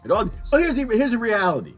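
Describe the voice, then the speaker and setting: A man giving a casual, animated political rant to his viewers, laughing often and swinging between loud and quiet. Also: high voice, quick pace, soft background music. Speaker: video commentator.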